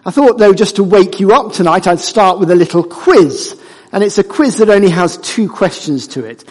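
Male preacher, husky and lively, high voice, long church-hall reverb. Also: normal speed. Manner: animated and conversational, jokes with the congregation. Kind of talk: sermon.

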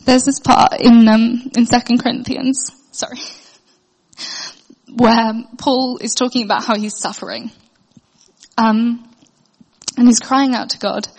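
A woman's voice: a little high, fairly even intonation, a little slow, long pauses, darkish tone, big-room sound, poor audio. A young woman sharing a heartfelt personal faith testimony, hesitant, with many fillers and restarts. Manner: earnest, heartfelt.

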